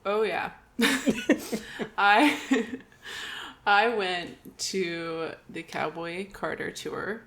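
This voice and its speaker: A woman's voice: medium pitch, drawn-out words, fairly bright tone. A woman co-hosting a podcast, chatting casually, laughing often and saying like a lot. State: talking with mouth full. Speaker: podcast co-host.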